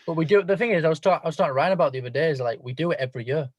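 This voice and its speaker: A man co-hosting a casual chat podcast, self-deprecating and trailing off quietly at the ends of thoughts. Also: a little high, rapid-fire, dry recording, lo-fi sound. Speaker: podcast co-host.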